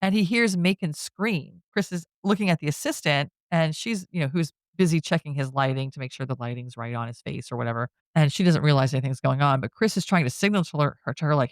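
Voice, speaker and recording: A man's voice: a little high, no echo, studio quality. A man co-hosting a podcast, casually recapping a film plot in a chatty way, laughing often and slipping briefly into the characters' lines. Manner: chatty, laughs often, drops into quick quoted voices. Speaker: podcast co-host.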